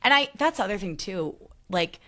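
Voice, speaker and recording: A woman hosting a podcast, chatting casually about a reality show, full of "like" fillers and quick impressions of people. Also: medium pitch. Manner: animated, lots of "like" fillers, mimics people. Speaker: podcast host. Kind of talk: casual chat.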